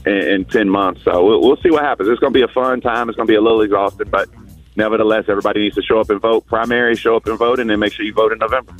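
A man's voice: lowish voice, fairly even intonation, racing, soft background music, low-quality recording. A man giving casual political commentary as a guest, confident, with frequent restarts.

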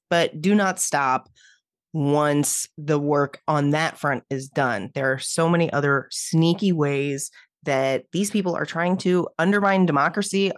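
A woman's voice: deep voice, no echo, studio quality. A woman co-hosting a podcast, chatting casually with sarcastic asides. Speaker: guest co-host.

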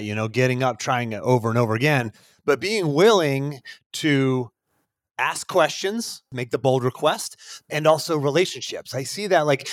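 A man's voice: medium pitch, no room sound, studio quality. A man hosting a podcast, asking a guest a long, thoughtful question. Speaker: podcast host. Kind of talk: interview question.

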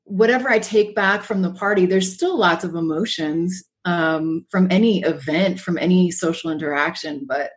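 Lower-voiced woman, thoughtful guest. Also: moderate pace, few pauses. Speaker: guest author. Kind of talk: reflective conversation.

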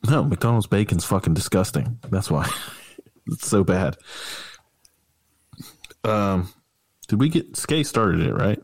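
A man hosting a podcast keeps things loose, teasing his guest and swearing casually. His voice sits on the low side. The recording is close and dry. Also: expressive, slow, pauses often, no room sound. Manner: laid-back, teasing banter with casual swearing. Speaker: podcast host.

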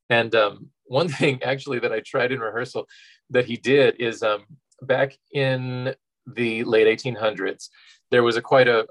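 A man's voice: mid-range voice, fairly bright tone, rough recording. A man, an actor and guest, chatting easily with many fillers and frequent laughs. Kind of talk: casual interview chat.

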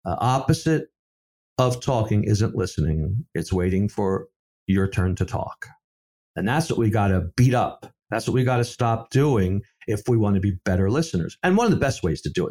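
A middle-aged man, a safety professional, telling stories in a conversational interview and acting out the dialogue he quotes. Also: lowish voice. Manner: animated storyteller, acts out quoted dialogue. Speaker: safety professional and seminar speaker.

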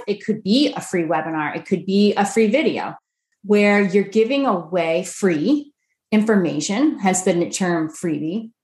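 A woman guest on a podcast explaining marketing in a lively, conversational way, full of rhetorical questions. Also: medium pitch. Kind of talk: conversational interview answer. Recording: roomy echo.

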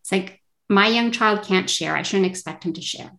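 A woman's voice: moderate pace, creaky, fairly bright tone. A woman in her thirties, a parent coach, talking earnestly as a podcast guest and acting out quoted voices now and then. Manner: earnest, acts out quoted kids and adults in a higher voice. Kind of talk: casual interview chat.

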